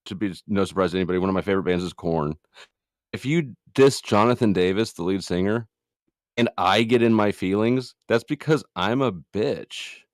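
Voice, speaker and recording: Opinionated low-voiced middle-aged man. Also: normal speed, no echo, studio quality. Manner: argumentative, opinionated. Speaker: stream guest. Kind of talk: casual debate.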